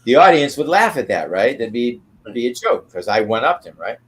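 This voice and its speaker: A man's voice: mid-range voice, sing-song, moderate pace, fairly bright tone, breathy edge. An older man, an interview guest, telling rambling show-business stories and checking in with "right?" as he goes. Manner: rambling, tags remarks with "right?". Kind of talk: anecdotal storytelling.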